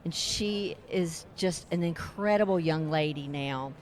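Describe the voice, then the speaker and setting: A woman's voice: low voice, unhurried, a little hiss or hum. A middle-aged woman, a ministry co-founder, telling a story in an earnest, heartfelt way during an interview at a convention. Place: religious broadcasters convention.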